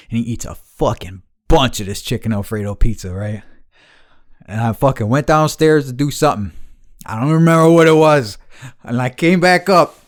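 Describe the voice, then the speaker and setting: A man's voice: mid-range voice, normal speed. A man hosting a podcast, telling rambling, profanity-laced stories to an old friend in casual chat. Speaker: podcast host.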